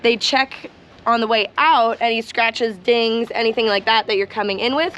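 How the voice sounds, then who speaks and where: A woman's voice: a little high, normal speed, fairly bright tone, highs cut off. Upbeat woman vlogging with noise behind. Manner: upbeat and chatty. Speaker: travel vlogger. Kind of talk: casual vlog chat.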